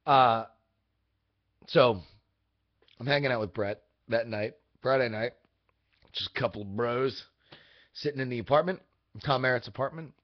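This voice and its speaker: A young man hosting a video, telling a casual, rambling story in an exasperated, animated way. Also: mid-range voice, a little slow, pauses often. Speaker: vlog host. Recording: dull lo-fi audio.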